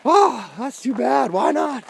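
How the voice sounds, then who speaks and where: A man's voice: very high-pitched, lively intonation, takes it slowly, creaky, breathy edge, pitched above the performer's own voice, exaggerated voice. A man voicing a nosy, cheerful male acquaintance who keeps asking prying questions in a raised voice. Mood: cheery prying.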